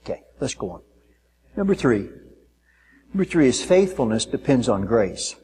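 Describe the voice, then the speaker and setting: A man preaching a sermon, telling stories and acting out people in raised voices. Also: moderate pace. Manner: animated storytelling, mimics people in high voices. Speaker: pastor. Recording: long reverb of a large hall.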